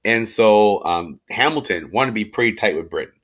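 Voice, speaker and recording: A man with a lowish voice gives a relaxed history lecture to his class. He speaks in a chatty, slangy way and keeps the tone informal, with fillers and restarts throughout. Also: moderate pace. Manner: chatty and slangy, acts out quotes in everyday speech. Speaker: history teacher. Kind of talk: casual recorded class lecture.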